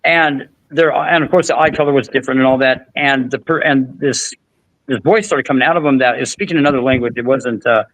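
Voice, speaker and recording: A man's voice: mid-range voice, a little fast, a bit bright, low-quality recording. A man hosting a podcast, telling a long story in casual chat with frequent restarts and fillers. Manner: rambling, many restarts and fillers. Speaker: podcast host.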